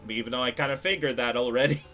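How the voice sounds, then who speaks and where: A young man commenting live on a game he is playing for his chat, excitable and quick to laugh and yelp. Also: medium pitch, faint music behind. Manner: excitable, laughs and yelps often. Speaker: gaming streamer.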